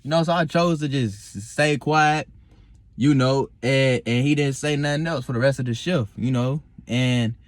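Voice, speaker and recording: Young man, casual vlog talk, rambling with fillers, calm, swears freely, dry close sound. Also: mid-range voice, normal speed, dry recording. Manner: rambling, many fillers and restarts. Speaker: vlogger. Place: in a car at night.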